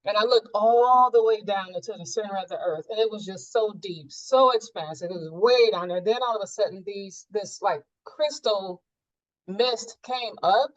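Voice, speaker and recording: A woman's voice: mid-range voice, moderate pace, no echo, lo-fi sound. A woman sharing a personal experience in a group coaching session, reflective and searching, with many fillers.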